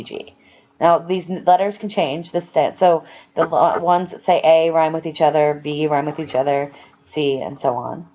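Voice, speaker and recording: A woman's voice: low-pitched, a little mellow, highs cut off. A woman teaching a recorded lecture, explaining things step by step with some fillers and self-corrections.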